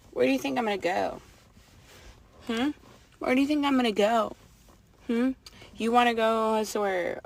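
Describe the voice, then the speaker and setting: A woman's voice: fairly high pitch, creaky, a bit bright, slight background noise. A woman livestreaming an angry rant, swearing a lot and rambling as she confronts someone.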